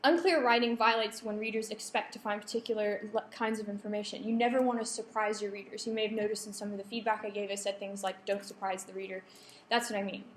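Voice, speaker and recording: Young woman, workshop lecturer, mid-pitched, explanatory with ums and restarts, roomy lecture hall, faint hiss. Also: steady tone, quick pace, hardly any pauses. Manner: explanatory, with frequent ums and self-corrections. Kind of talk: academic writing workshop talk. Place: lecture room. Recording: echoey lecture room.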